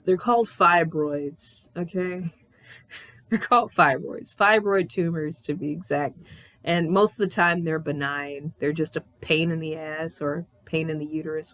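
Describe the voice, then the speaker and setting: A woman in her thirties telling a personal story on her vlog in a candid, animated way, swearing freely. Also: fairly low pitch. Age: 30s. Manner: candid, profane, animated retelling. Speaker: vlogger.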